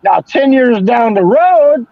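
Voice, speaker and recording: A man's voice: very high-pitched, animated, slow, no room sound. An older man chatting casually as a stream host, telling rambling, profane stories. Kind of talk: casual chat. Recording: dull lo-fi sound.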